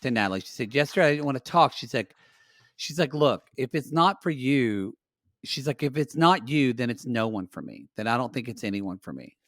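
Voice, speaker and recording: A man's voice: medium pitch, expressive, fairly quick, fairly bright tone, no room sound, clean studio sound. A man co-hosting a podcast, gossiping his way through a reality TV recap in casual chat and speaking to listeners as y'all. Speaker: podcast co-host.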